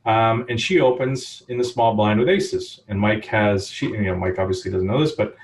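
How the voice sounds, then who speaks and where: A man with a lowish voice co-hosts a podcast and talks through a story in a relaxed, rambling way. He leans on fillers and restarts as he goes. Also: normal speed. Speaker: podcast co-host.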